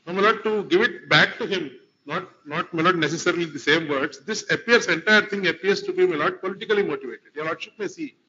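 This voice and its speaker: A man's voice: sits high, quick pace, pushed and bright. A man with an Indian accent arguing a case before judges, formal, addressing the bench as "my lord" throughout. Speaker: advocate arguing before a court. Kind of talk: courtroom legal argument. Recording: lo-fi courtroom livestream audio.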